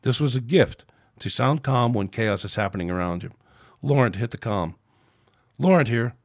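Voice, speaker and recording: A man's voice: fairly low pitch, expressive, moderate pace, no echo, clean studio sound. A man reading his own science fiction story aloud as a podcast narrator, in a plain, unpolished way. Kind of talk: amateur audiobook narration.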